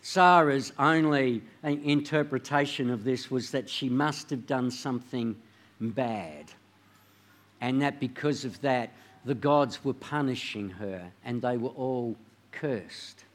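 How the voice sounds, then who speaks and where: A man preaching a sermon, telling a story in a measured way and dropping his voice quietly on key words. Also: medium pitch. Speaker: pastor.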